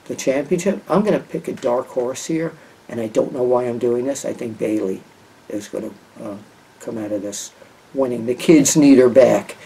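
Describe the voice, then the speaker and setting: Older male wrestling pundit, rambling and chatty, warm husky voice, off-mic. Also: mid-range voice, recorded from a distance, rough recording. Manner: rambling, with many fillers and restarts. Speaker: wrestling journalist giving match picks. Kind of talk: casual talk to camera.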